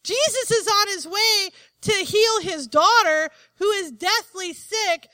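Female preacher, very high forceful voice, emphatic sermon delivery, call-and-response. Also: slow, dry recording. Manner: emphatic, asks the congregation for "Amen?".

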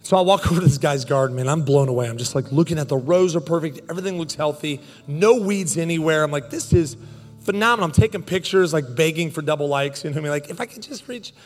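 Male pastor, 30s, animated comic storyteller in a sermon, slightly high voice, reverberant hall. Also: soft background music. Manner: animated and joking, quick bursts of speech.

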